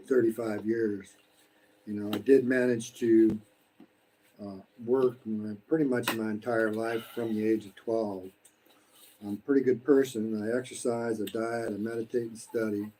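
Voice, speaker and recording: A man in his sixties from the United States rambles through a live-stream meal, blunt and preachy, cursing freely. His voice is mellow and dark. Faint background noise sits behind him. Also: lowish voice, fairly even intonation, moderate pace, poor audio. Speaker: vlogger. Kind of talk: casual live-stream monologue while eating. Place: home in the Philippines.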